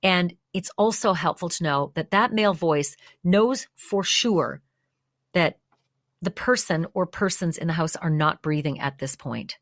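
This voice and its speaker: A woman's voice: fairly low pitch, unhurried, a bit bright, no room sound, clean studio sound. A woman hosting a true crime show, talking through the evidence step by step in a conversational way. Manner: acts out quoted lines with more energy. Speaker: true crime channel host.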